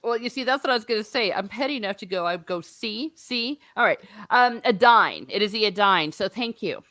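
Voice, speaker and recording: A woman's voice: mid-range voice, animated, fast, bright, forceful tone, dry recording, studio quality. A woman hosting a casual book discussion livestream, chatty and laughing at herself. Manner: chatty, laughing, self-mocking. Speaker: host.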